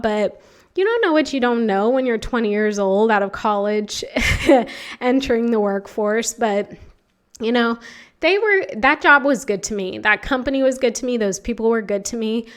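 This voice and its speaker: A woman's voice: on the high side, lively intonation, moderate pace. A young adult woman hosting her own podcast, telling a personal story in a candid, emotional way with many fillers. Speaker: podcast host. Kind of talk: reflective solo podcast monologue.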